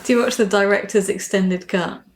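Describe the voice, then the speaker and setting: A woman's voice: medium pitch, steady tone, moderate pace, roomy sound, a little hiss or hum. A woman hosting a podcast, asking short, curious questions in casual chat. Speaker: podcast host.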